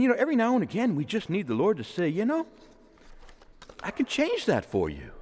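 Priest guy giving a sermon, voice a bit high, swings up loud then drops to hushed prayer, big church echo. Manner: animated, swinging between fervent and hushed prayerful asides. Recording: long reverb of a church hall.

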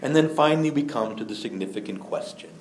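A man's voice: medium pitch, expressive, fast talker, roomy sound, a little hiss or hum, low-quality recording. A man preaching a sermon as a priest, in an earnest, conversational manner that moves in and out of quoted voices.

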